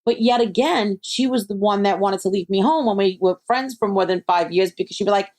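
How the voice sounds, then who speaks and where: A woman talks as a guest on a podcast. She tells stories in an animated way, slipping into her friends' voices, then settles into calm advice. Her pitch sits in a middle range. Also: a little fast. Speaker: psychic medium guest. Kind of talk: conversational interview.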